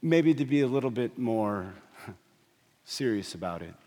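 Animated pastor preaching in a reverberant hall. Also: male voice, measured pace. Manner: animated, swings from loud emphatic peaks to hushed low passages; jokey asides and storytelling. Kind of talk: sermon. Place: church sanctuary. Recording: long reverb of a large hall.

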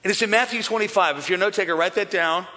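A man preaching a sermon to a large church crowd, energetic and building to shouts. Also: high-pitched, racing. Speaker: pastor. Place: large church with overflow campuses. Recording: long hall reverb.

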